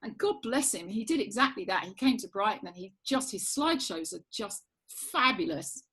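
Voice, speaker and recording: Husky woman yoga teacher trainer chatting, really animated, does little voices for people in her stories. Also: mid-range voice, normal speed. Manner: animated, acts out quoted voices, frequent restarts. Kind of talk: lively storytelling interview chat.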